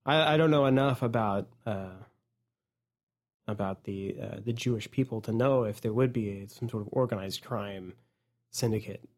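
A man's voice: on the low side, normal speed. Male podcast co-host, giggly and rambling, casual comedic banter. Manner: giggly, rambling, laughs often.

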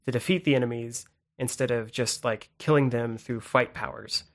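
A man in casual conversation about films, rambling with halting restarts and fillers. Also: medium pitch. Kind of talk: casual movie chat.

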